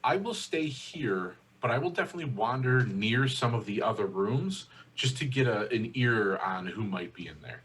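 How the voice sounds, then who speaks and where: A man's voice: mid-range voice, lively intonation, moderate pace, hardly any pauses, fairly bright tone, husky, poor audio. A man playing in a tabletop game, laid-back and swearing casually as he plans his moves. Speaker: player.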